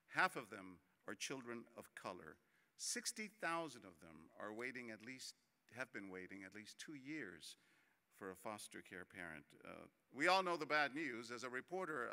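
A man's voice: mid-range voice, sharp tone. A man from Texas giving a conference keynote speech, chatty and joking at first, then earnest. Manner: chatty, jokey storyteller turning earnest. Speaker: keynote speaker. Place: large conference hall. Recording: reverberant hall.

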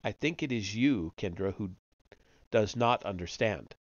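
A man voicing an ancient male tree librarian with a thick, raspy voice, a strange accent and oddly inverted, cryptic speech. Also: on the low side, lively intonation, measured pace, no room sound, dull audio. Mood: cryptic, ominous.

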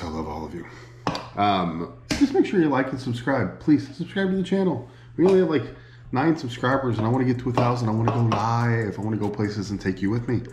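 A man's voice: mid-range voice, darkish tone, echoey room. A man with a Midwestern American accent talking in a chatty, rambling, self-mocking way to his camera for a casual vlog. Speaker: vlogger.

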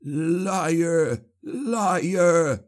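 A man's voice: mid-range voice, slow, darkish tone, lightly acted. A man voicing a spiteful, mocking captive sorcerer in an audiobook. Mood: shrieking. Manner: sly and taunting, shrieking when enraged.

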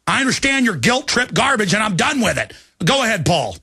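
A heated man holds forth on his talk show, his voice gravelly and sharp-edged. His pitch sits somewhat high for a man. He rants in an agitated way and keeps building. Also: very animated, brisk, no room sound, clean studio sound. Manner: agitated, ranting, mimics people in shouted voices. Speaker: radio talk show host. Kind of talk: heated political rant.

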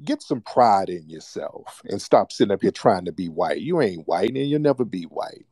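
A man's voice: deep voice, expressive, moderate pace, dark tone, dry recording, clean studio sound. An American man hosting a call-in radio show, arguing heatedly and mocking the caller with insistent repetition. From United States. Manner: mocking, insistent, repeats himself.

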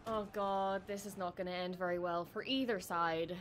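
A woman reacting to a show as she watches, excitable and swearing freely, with laughs and gasps. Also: on the low side, normal speed, a little hiss or hum. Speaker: reaction streamer. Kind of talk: live reaction commentary.

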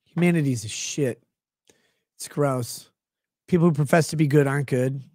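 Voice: mid-range voice, normal speed, dark tone, no room sound. Sarcastic, swearing livestream ranter, dry sound. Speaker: livestream commentator. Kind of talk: profane comedic rant.

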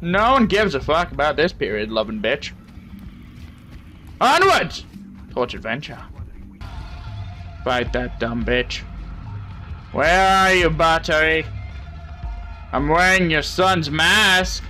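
A young man talks over his gameplay, joking crudely and taunting the characters on screen. His voice sits high and bright and swings widely in pitch. He takes his time between lines, and game music runs faintly behind him. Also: expressive, takes it slowly, long pauses. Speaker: gaming channel host. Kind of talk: game commentary.

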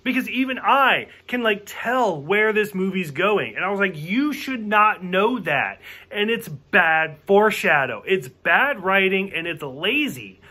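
A man's voice: sits high, animated, a little slow, few pauses, bright, forceful tone. A man giving a casual, ranting movie review. He talks frankly, swears a lot, fills his speech with "like", and acts out quoted lines. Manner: frank and profane, with filler "like" and acted-out quotes.

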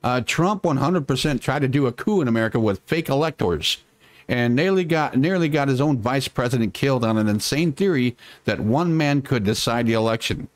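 A man's voice: mid-range voice, lively intonation, a little fast, no echo. Sarcastic rambling male streamer, dry sound. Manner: rambling, sarcastic, mutters while working the computer, swears. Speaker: political commentary streamer. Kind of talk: casual live-stream commentary.

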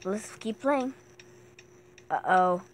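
A woman hosting casual gameplay commentary, talking to herself while she plays and bursting into excited shrieks and yelps. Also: mid-range voice, slow pace, a little hiss or hum. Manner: talks to herself while playing. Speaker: gaming channel host.

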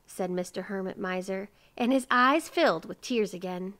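A woman reading a children's picture book aloud with gentle, expressive storytelling. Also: mid-range voice, unhurried.

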